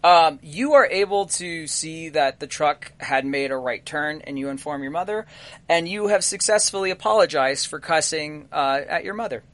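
Male game master, slightly high voice, dry close sound, laid-back narration. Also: moderate pace, dry recording. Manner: relaxed, filler-heavy narration.

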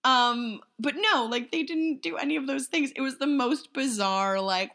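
A woman co-hosting a podcast in casual chat, animated and full of fillers, often slipping into silly voices. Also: high-pitched, normal speed, few pauses. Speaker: podcast co-host.

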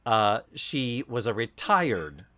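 A man co-hosting a podcast in casual chat, an animated storyteller who swears freely. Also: medium pitch, slow. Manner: animated storyteller, swearing, slips into mock Cockney quotes. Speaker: podcast co-host.

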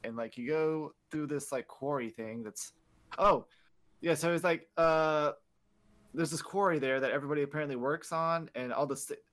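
A man's voice: on the high side, normal speed, fairly bright tone. A man hosting a podcast, recapping in a rambling, casual way, swearing often and leaning on filler words. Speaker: podcast host. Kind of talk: casual chat.

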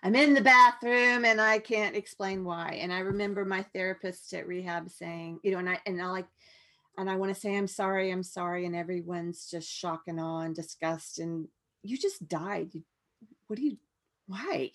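A woman guest telling a personal story in a frank, halting way, with many restarts and asides. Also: lowish voice, steady tone, fairly bright tone.

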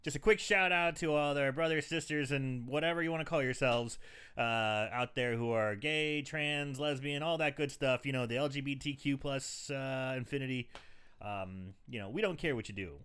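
A man's voice: medium pitch, normal speed, fairly bright tone, clear, resonant tone. Laid-back, crude-joking male co-host. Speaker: podcast co-host. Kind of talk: casual podcast banter.

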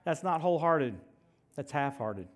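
High-voiced male pastor, animated sermon, joking, loud-to-soft swings. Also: unhurried.

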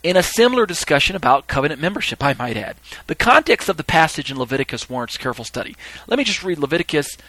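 Fast and very animated, this man's slightly high, sharp voice comes through a dry, low-quality recording. He's teaching the Bible on a podcast, reading verses and commentary, fumbling through notes with fillers, and getting emphatic in his explanations.

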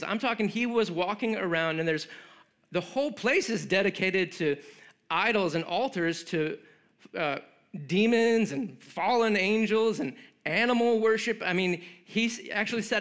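A man with a notably high voice delivers a sermon to a congregation. He talks loosely and conversationally, slipping in joking asides and a lot of "like" fillers between his points. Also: expressive, moderate pace, fairly bright tone. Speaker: pastor.

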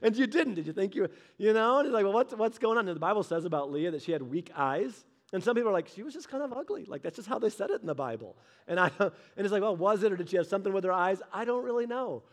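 A male preacher with a high voice delivers a sermon, and his delivery is casual and humorous. He retells the story by slipping into quick voices for each character. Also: expressive. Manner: humorous and conversational. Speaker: pastor.

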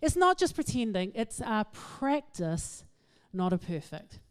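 Kiwi woman doing a funny talk, animated storyteller, pokes fun at herself. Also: medium pitch, unhurried, smooth. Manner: storytelling, animated, self-mocking. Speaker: speaker. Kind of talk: humorous talk to an audience.

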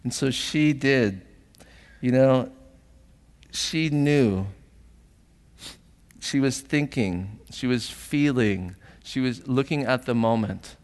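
A man's voice: medium pitch, slow pace, pauses often, big-room sound. A man preaching a sermon as pastor, earnest and emotional, often asking the congregation questions, at times tearful.

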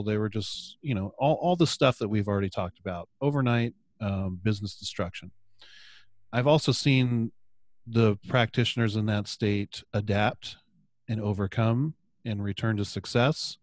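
A man's voice: lowish voice, no echo, clean studio sound. A man talking earnestly and emphatically in a casual conversation, sometimes restarting his words. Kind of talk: casual chat, reading a quoted passage aloud.

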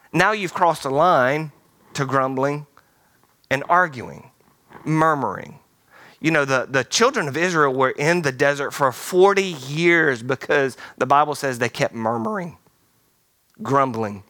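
A man preaching a sermon, animated and playful, acting out quoted voices and laughing now and then. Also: medium pitch, measured pace, dry recording. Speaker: pastor. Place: large theater-style church hall.

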